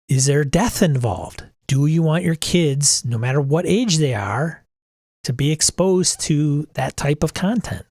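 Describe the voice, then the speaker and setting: A man's voice: fairly high pitch, a little mellow, dry recording, clean studio sound. A middle-aged man hosting a casual livestream talk, blunt and exasperated, swearing casually as he rants. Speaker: podcast host.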